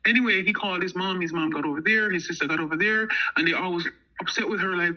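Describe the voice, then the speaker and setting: Animated American woman telling a story. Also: fairly low pitch, fast talker, muffled recording. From United States. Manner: animated, acts out what others said. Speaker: guest telling her story. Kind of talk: casual storytelling.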